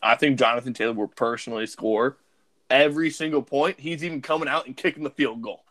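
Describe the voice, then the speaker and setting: A man's voice: medium pitch, fairly quick, fairly bright tone, no room sound. A man co-hosting a casual sports podcast, joking and emphatic as he makes his picks. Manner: joking, emphatic, trash-talking. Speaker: podcast co-host.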